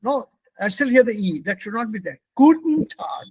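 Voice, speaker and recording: A man's voice: high voice, brisk, slightly rough, no room sound, low-quality recording. A man from India with an Indian English accent, teaching a German pronunciation class and patiently repeating words for his students.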